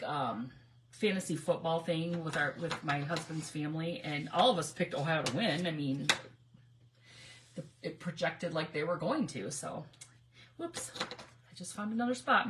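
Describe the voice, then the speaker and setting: Woman, middle-aged, from Michigan, craft livestream host, chatty, greets viewers, faint background hiss. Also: on the low side. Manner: chatty, laughs often, greets viewers by name. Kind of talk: casual livestream crafting chat.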